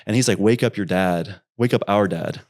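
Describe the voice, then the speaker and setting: A young man, a YouTuber and podcast guest, telling rambling, animated stories in casual talk and swearing freely. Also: fairly low pitch, normal speed. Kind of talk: casual storytelling.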